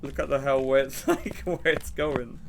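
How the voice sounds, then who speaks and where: A young man streaming a game, rambling and laughing as he plays, now and then shouting. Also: medium pitch, normal speed, gravelly, noisy background. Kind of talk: casual gameplay commentary.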